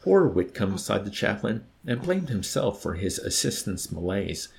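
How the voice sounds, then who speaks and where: A man's voice: lowish voice, very animated, moderate pace, creaky, a little hiss or hum. A man reading a novel aloud expressively, then talking it over with a co-host. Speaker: reader and co-host. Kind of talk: audiobook reading and book discussion.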